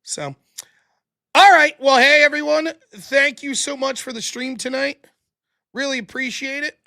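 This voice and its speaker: A man's voice: extremely high pitch, measured pace, pushed and bright, no echo, clean studio sound. A man hosting his own live stream, chatting casually in a loose, rambling way and swearing freely. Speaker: live streamer and show host. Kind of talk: casual late-night live stream chat.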